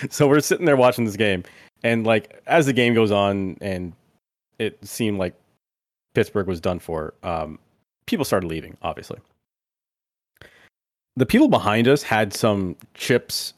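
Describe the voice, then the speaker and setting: Low-voiced man telling a rambling story. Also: no echo, studio quality. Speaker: podcast co-host. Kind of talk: casual chat.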